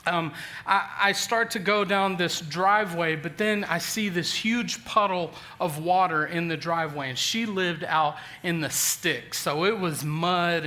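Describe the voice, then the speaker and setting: Bright, high-voiced pastor in his forties. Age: 40s. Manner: animated, self-deprecating storyteller with frequent restarts. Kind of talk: sermon with personal storytelling.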